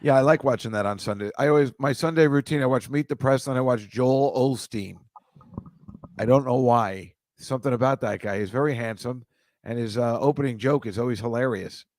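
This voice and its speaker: In a dry recording, a man with a medium-pitched, slightly mellow voice talks fairly quickly while hosting a live stream and reading viewer comments. He rambles casually through a story, breaking off mid-thought and slipping in joking asides.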